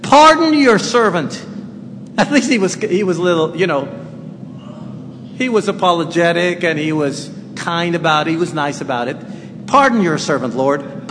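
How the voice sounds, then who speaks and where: A man preaching a sermon in a conversational, animated way, joking with his congregation. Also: a little high, slight background noise. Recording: long hall reverb, faint ambience.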